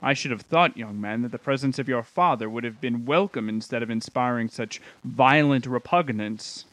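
A man reading the part of a middle-aged magistrate, formal and measured, kindly yet stern. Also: mid-range voice, expressive, no room sound, close to an everyday voice, low-quality recording. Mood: severe. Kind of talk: audiobook character reading.

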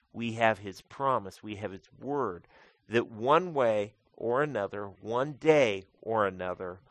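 A man's voice: medium pitch, fairly bright tone, no echo. Conversational preacher man, dry sound. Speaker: pastor. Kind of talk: sermon.

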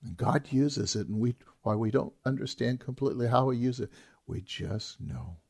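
A man's voice: medium pitch, normal speed, creaky, a little mellow, slightly rough. A man preaching a sermon as a pastor, talking in an earnest, emphatic way and repeating key phrases.

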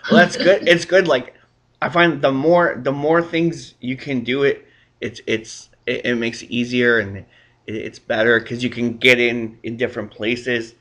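A man hosting a casual interview who keeps things upbeat and encouraging. His voice has a bright, forward edge at a middle pitch, and he often jumps in with short words of agreement. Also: fairly even intonation, a little slow. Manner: upbeat, encouraging, brief affirmations. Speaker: interview host.

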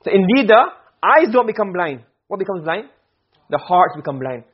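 A male teacher giving a classroom lecture on grammar, explaining and then checking understanding with quick questions. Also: high-pitched, big pitch swings, husky, muffled recording.

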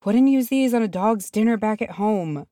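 A woman reading aloud and voicing a homely male hobbit cook who mutters and speaks slowly. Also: a little high, animated, a little mellow, no room sound, clean studio sound, voice pushed up. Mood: grumbling. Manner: muttering, slow, rustic.

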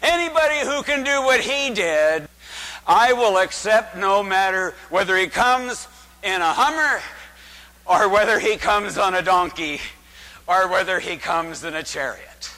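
Priest giving a sermon: high, lively and bright male voice, booming and dramatic, with long church reverb. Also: unhurried. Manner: dramatic, addresses the congregation with rhetorical questions; booming preacher's delivery. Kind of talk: liturgical sermon.

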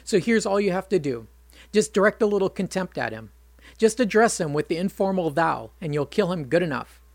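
A narrator reading a calm, lecturing divine counselor. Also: mid-range voice, fairly quick, no echo, close to an everyday voice. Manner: patient, lecturing.

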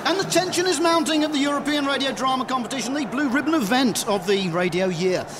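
A man playing an excitable sports commentator calling a race in a radio comedy. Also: extremely high pitch, background noise. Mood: excited. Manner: brisk sports-commentary delivery.

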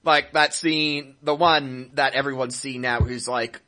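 A man's voice: medium pitch, fairly even intonation, a little slow, pushed and bright. A man co-hosting a casual gaming podcast, joking around, making puns and laughing often. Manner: jokey, laughs a lot, punny. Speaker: podcast co-host.

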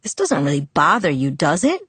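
A woman reading the lines of an eager, teasing teenage boy in an audiobook, in a low voice close to her own. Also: huge pitch swings, moderate pace, fairly bright tone, slightly rough, no echo, heavily acted. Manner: playful, insistent.

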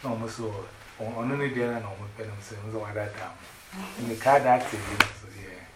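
A man rambling excitedly in casual chat, switching between pidgin English and Twi. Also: lowish voice, quick pace. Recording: echoey room with loud background noise.

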